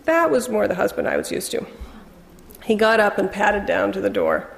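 Gravelly-voiced woman narrating a novel. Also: medium pitch, wildly swooping pitch, normal speed, in a large hall. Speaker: audiobook narrator. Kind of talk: first-person literary narration.

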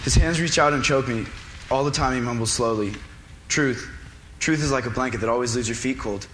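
A man doing a staged script reading as a timid teenage schoolboy who speaks in hesitant, halting bursts. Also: medium pitch, a bit bright, natural voice. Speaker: intern reading a part. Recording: echoey hall, faint noise.

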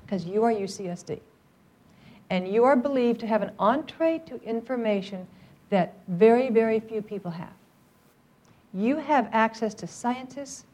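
A woman's voice: a little high, dark tone. A middle-aged woman training a live audience, upbeat and joking as she coaxes them to speak up. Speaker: workplace trainer on cancer outreach.

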